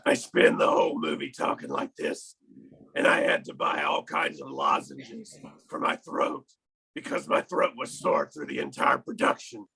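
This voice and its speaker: A man voicing a gruff, weary male caped vigilante in an improvised movie parody, with a gravelly, strained growl and a deadpan, grumbling manner. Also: mid-range voice, normal speed, voice pushed down, full character voice. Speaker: improv performer.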